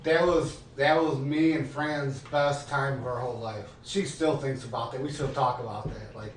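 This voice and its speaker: A man in his forties chatting excitedly and profanely as a podcast host. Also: mid-range voice, normal speed, a little hiss or hum. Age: 40s. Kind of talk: casual chat. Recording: echoey room, mic at a distance.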